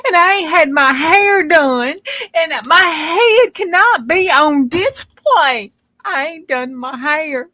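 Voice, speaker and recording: A woman voicing a frantic widow who pleads loudly in a high, shrill voice. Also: fairly even intonation, a little slow, dry recording, studio quality, close to an everyday voice. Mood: panicked. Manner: pleading, high-pitched, loud.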